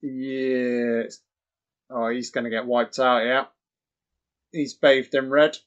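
A man giving crude, excitable, mocking live commentary on a horror film. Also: medium pitch, takes it slowly. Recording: dull lo-fi audio.

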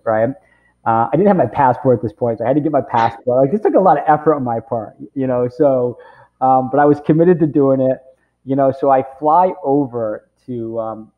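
A man's voice: mid-range voice, a little fast. A man in his forties, a camp director, telling a long personal story in an interview, rambling and filling his talk with "you know" and "right?". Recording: tinny phone-like audio.

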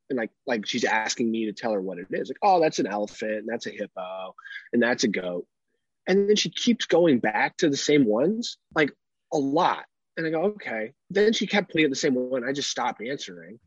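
Husky podcast dad, swears a ton, laughs through his stories, dullish dry recording. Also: mid-range voice, fairly quick, no echo, muffled recording. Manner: swears a lot, animated storytelling, laughs often. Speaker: podcast co-host, father. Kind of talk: casual chat.

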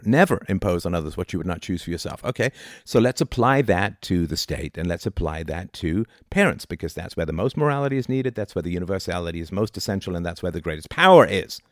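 Middle-aged guy, deep low voice, dry close sound, arguing philosophy with lots of "right?". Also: expressive, fast, few pauses, dry recording. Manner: argumentative, rhetorical, many "right?" asides. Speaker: philosophy lecturer. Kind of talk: informal philosophy talk.

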